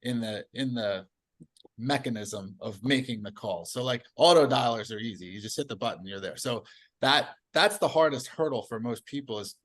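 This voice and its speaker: A man telling stories as a podcast guest in casual conversation, animated and laughing often. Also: mid-range voice, moderate pace.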